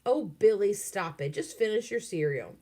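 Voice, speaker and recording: A woman's voice: mid-range voice, expressive, normal speed, mellow, pitched above the performer's own voice, close to an everyday voice. A woman reading aloud and voicing a proper, exasperated mother who scolds politely. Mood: scolding.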